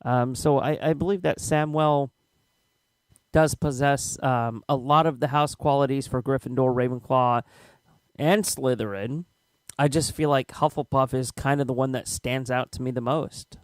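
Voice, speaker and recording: A man's voice: medium pitch, steady tone, moderate pace, no room sound. A man co-hosting a casual podcast chat, hedging and restarting as he argues a point. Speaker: podcast co-host.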